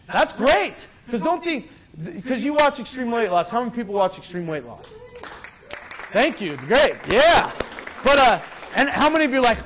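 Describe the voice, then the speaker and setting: A man's voice: very high-pitched, big pitch swings, moderate pace, fairly bright tone, a faint crowd, a little hiss or hum, rough recording. A man speaking as a guest to a live group, giving an earnest, emphatic motivational talk full of restarts and direct questions to the audience. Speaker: guest speaker addressing a weight-loss group.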